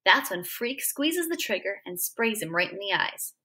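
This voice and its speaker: A woman reading a novel aloud, narrating in an expressive, dramatic way. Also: mid-range voice, normal speed. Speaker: audiobook reader.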